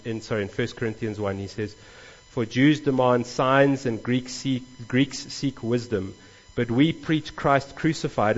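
A man delivers a sermon from the pulpit in an earnest, animated way, his voice lifting for emphasis. His voice sits at an ordinary pitch for a man. The recording sounds a little dull and muffled. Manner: earnest, animated preaching with rising emphasis and restarts. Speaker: pastor.

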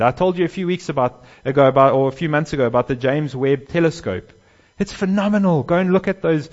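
A man preaching a sermon, swelling loud on key phrases and dropping low and soft on others. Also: dull audio. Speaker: pastor.

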